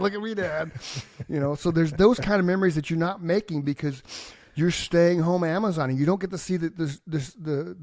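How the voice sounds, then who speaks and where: A fast, animated man tells a long profane comic rant as a podcast co-host, slipping into little acted-out voices along the way. His voice sits a little high and comes across quick and excited. The sound is dry and close, with no room echo. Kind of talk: casual chat.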